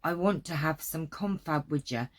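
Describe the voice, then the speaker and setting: A woman's voice: low voice, normal speed. A woman voicing a sly, scheming male fox in folksy dialect, read aloud from an old storybook. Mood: coaxing.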